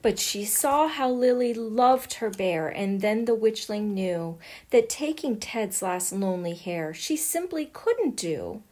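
A woman reading a rhyming picture book aloud in an unhurried, sing-song delivery. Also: mid-range voice, animated, darkish tone. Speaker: storyteller.

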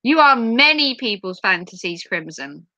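A woman's voice: medium pitch, sing-song, moderate pace, bright, forceful tone, no echo, lo-fi sound. A woman hosting a live stream, reading out viewer comments in a giggly, playful chat. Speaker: livestream host.

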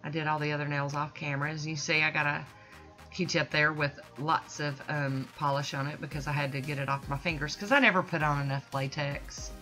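Chatty low-voiced woman. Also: steady tone, fairly quick. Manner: chatty, folksy and enthusiastic. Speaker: nail art channel host. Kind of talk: casual tutorial voice-over. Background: soft background music.

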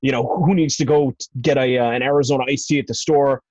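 A male podcast host in a casual interview who rambles and thinks aloud between questions. His voice sits at a middle pitch, recorded dry and a little dull, with a lo-fi edge. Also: steady tone, fast, darkish tone, no room sound. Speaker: podcast host and wrestling promoter.

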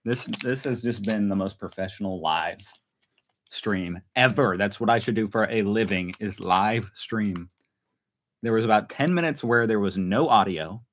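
Chatty low-voiced man hosting a live stream. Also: moderate pace, fairly bright tone, poor audio. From United States. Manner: chatty, self-mocking, laughs often. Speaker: channel host. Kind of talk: casual live stream chat.

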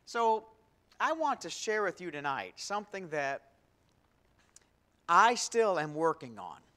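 A man's voice: high voice, very animated, slow pace. A man who is a pastor, leading a prayer and then preaching to his congregation, asking them questions and stressing key words. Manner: prays softly, then preaches with rising emphasis and questions to the congregation. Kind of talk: sermon. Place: church sanctuary.

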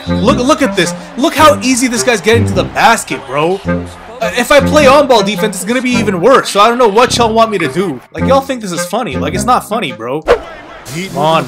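Male gamer commentator, high voice, excitable and quick to rant, game music loud behind him. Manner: excitable, frustrated ranting at the game. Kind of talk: casual gameplay commentary. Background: game music and sound.

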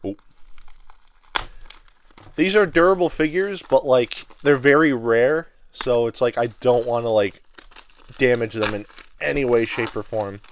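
A man of twenty rambling excitedly with many fillers while unboxing collectible figures in a casual vlog. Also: medium pitch, a little slow, pauses often, slight background noise. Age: 20s. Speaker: toy reviewer.

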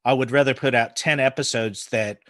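A man in his forties from the United States with an American accent softened by New Zealand, chatting casually as a podcast guest and laughing often. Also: mid-range voice, steady tone, fairly quick, no echo, clean studio sound. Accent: American with New Zealand influence. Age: 40s. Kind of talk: casual chat.

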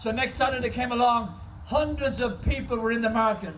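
A man's voice: very high-pitched, a little fast, fairly bright tone, recorded from a distance, slight background noise, poor audio. A man preaching an impassioned sermon as a guest speaker, telling stories at an outdoor car park service.

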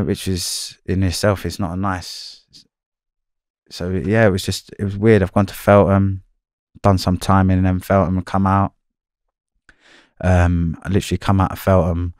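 Male, low and even delivery, candid storyteller, swears freely, dry close recording. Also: dry recording. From London. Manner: blunt, swearing, slangy, repeats himself. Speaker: interviewee.

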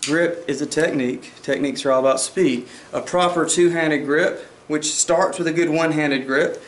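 A man's voice: fairly high pitch, steady tone, normal speed, a little hiss or hum. A man teaching handgun basics as an instructor, explaining step by step, checking in with "okay?" and mimicking shots aloud. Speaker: firearms instructor. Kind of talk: demonstration lesson. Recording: roomy echo.

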